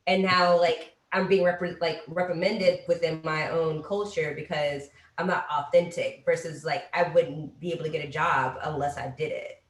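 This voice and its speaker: A woman's voice: low voice, fairly even intonation, moderate pace, hardly any pauses. A woman from Atlanta co-hosting a casual discussion, speaking frankly and candidly. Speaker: podcast co-host. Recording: echoey, distant from the mic.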